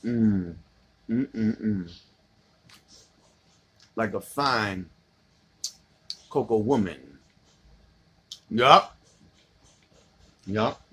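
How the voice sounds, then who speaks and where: A man with a husky, slightly rough voice, talking loose and slangy while he eats cereal on camera. He jokes with viewers and slips into low teasing murmurs aimed at his bowl. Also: extremely slow, long pauses, pushed and bright. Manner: playful slangy banter, low seductive asides to the food. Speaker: vlogger eating cereal on camera. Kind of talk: casual mukbang vlog.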